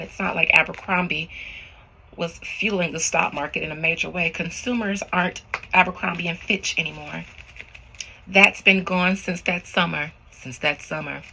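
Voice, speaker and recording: A woman's voice: on the low side, creaky, background noise. A woman tarot reader talking casually to her viewers, rambling and slangy, in a spiritual reading vlog.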